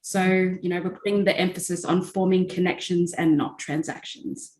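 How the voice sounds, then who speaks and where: A woman from South Australia, a guest on a podcast, speaking in a measured, reflective way with hesitant fillers. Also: lowish voice, steady tone, warm tone. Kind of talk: conversational podcast discussion. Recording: roomy echoing audio.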